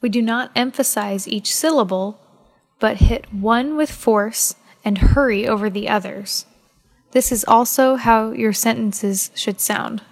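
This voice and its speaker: A woman reads an English passage aloud for learners to repeat. She goes slowly and deliberately, with a voice pitched a little high. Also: rough recording. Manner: careful, deliberate reading. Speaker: English teacher. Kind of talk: slow model reading for learners to repeat.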